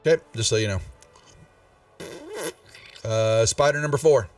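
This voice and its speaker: A man narrating as game master in a live-streamed tabletop game, halting and restarting as he checks the rules. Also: mid-range voice, dry recording, far from the mic, faint music behind. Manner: halting, with many restarts and fillers.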